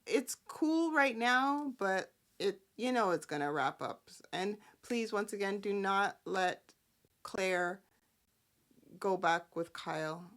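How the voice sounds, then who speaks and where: A woman hosting a casual soap-opera recap, sassy and animated, often breaking into character quotes. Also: medium pitch, slow. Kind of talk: casual chat.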